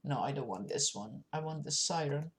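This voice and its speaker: A woman streaming her forex trades, thinking aloud as she clicks through charts, with many pauses and fillers. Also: very deep voice, animated, faint music behind. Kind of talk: live screen-share trading commentary.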